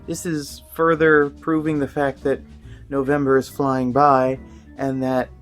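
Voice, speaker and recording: A young woman with a low voice co-hosts a casual home vlog. She teases her friend and laughs often as she talks. Faint music plays behind her. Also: level tone, a little slow. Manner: teasing, laughing. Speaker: vlog co-host.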